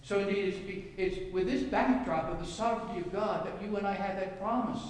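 A man's voice: sits high, steady tone, a little fast, hardly any pauses. A man preaching a sermon as pastor, reading scripture and telling anecdotes with rhetorical questions to the congregation. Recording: echoey hall, mic from far off.

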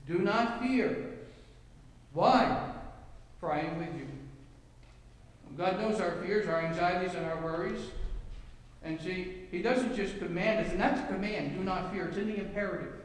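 A man's voice: sits high, moderate pace, long pauses. A man preaching a sermon as pastor, reading scripture and telling anecdotes with rhetorical questions to the congregation. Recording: echoey hall, mic from far off.

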